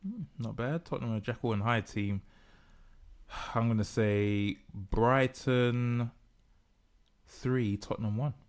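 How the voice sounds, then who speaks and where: A man's voice: medium pitch, slow, long pauses. A man co-hosting a casual podcast, reading out results and making predictions in a teasing, presenting way. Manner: teasing, game-show-like presenting. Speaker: podcast co-host, football fan.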